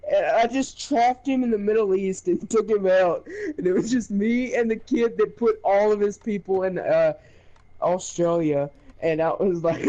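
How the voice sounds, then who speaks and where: A young man telling a game story in casual chat, animated, laughing and swearing. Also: high-pitched, normal speed, muffled recording.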